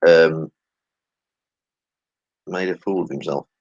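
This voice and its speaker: A man with a low, husky voice gives sarcastic running commentary, swearing freely and muttering asides as he reads tweets aloud. His voice sits dry and close, caught on a dull, lo-fi home recording. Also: steady tone, slow pace, darkish tone, dry recording. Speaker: channel host.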